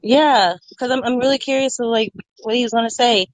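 Female host, slightly high voice, brisk and reassuring, dry close sound. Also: dry recording, rough recording. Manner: quick, reassuring, directing the caller. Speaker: podcast host. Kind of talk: casual podcast chat.

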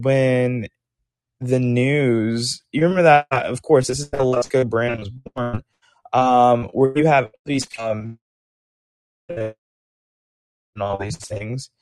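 A young man hosts a podcast in a mid-pitched voice, throwing out sarcastic, animated political opinions. He pads his sentences with "like" and "um" but keeps pushing forward. He is recorded close up, dry, with no room echo. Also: takes it slowly. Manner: animated, sarcastic, heavy use of "like" and "um". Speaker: podcast host.

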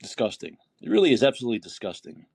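A racing, very animated man with a medium-pitched, gravelly, slightly rough, a little mellow voice hosts a political call-in podcast with no echo. His commentary monologue is heated and indignant, packed with swearing and rhetorical questions, and he reads posts from his feed aloud.

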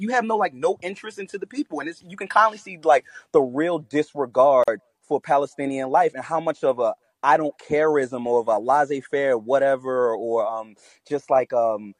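A man's voice: a little high, no room sound. A man co-hosting a casual podcast chat, ranting loosely with lots of fillers and swearing. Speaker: podcast co-host.

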